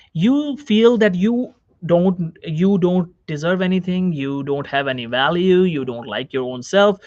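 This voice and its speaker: A man's voice: sits high, no echo, dull audio. A man, a doctor, giving a seated self-help psychology talk, repeating phrases and asking the viewer questions. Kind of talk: direct-to-camera self-help lecture. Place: seated on a chair.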